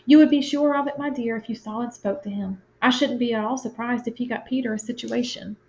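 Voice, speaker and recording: A kind, gentle father speaking to his family, read aloud by a woman in a fairly high voice. His lines are tender and earnest. The recording sounds dull and lo-fi. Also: fairly even intonation, brisk, a little hiss or hum, natural voice.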